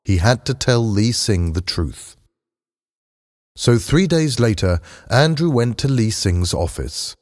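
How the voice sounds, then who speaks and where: A man reads a story aloud at a slow, steady pace. His pitch moves with some life. Long hall reverb surrounds the voice. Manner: steady, unhurried reading. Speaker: narrator. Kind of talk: audiobook narration.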